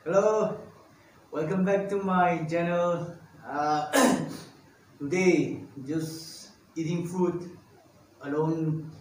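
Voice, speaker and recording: Brief: high-pitched man, comic mukbang vlogger, broken English, recorded from afar in a very echoey room. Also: fairly even intonation, slight background noise. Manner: halting, broken English with playful asides. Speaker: comedy vlogger. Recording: echoey room, far from the mic.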